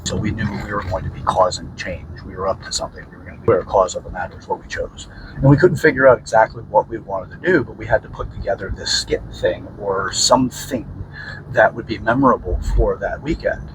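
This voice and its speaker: A man's voice: fairly low pitch, quick pace, noisy background. A man hosting a podcast, telling a story casually, rambling and correcting himself with many fillers. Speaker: podcast host.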